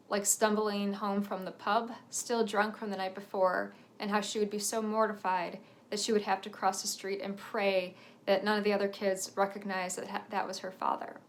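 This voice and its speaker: A woman in her thirties, an author telling a personal family story in an earnest, reflective way, with a few nervous laughs. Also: medium pitch.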